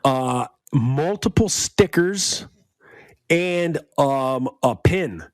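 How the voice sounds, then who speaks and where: A man's voice: fairly high pitch, lively intonation, very slow, no room sound. Laid-back man joking on a podcast. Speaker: podcast co-host. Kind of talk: casual podcast chat.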